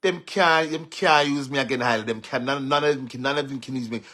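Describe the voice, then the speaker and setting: On a live stream, a Jamaican social media personality vents in an agitated, brisk manner. He stammers and repeats himself, swinging between loud outbursts and low muttering.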